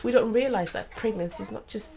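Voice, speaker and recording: A woman's voice: mid-range voice, brisk, gravelly, darkish tone, a little hiss or hum. A middle-aged woman, a guest, earnestly telling a painful personal story and acting out the voices of others. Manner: earnest, acts out quoted voices.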